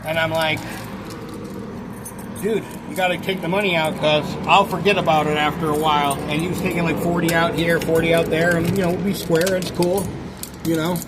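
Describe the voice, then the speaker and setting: A man's voice: on the high side, little pitch movement, brisk. A man telling a rambling, profane story about his life in a casual way. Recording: noisy outdoor street sound.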